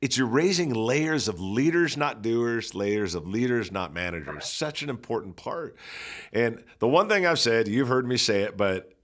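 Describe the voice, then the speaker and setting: A man's voice: medium pitch, moderate pace. A man, a pastor and church coach, talking in a casual coaching conversation and telling stories with acted-out quotes. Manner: animated storyteller who acts out quoted people.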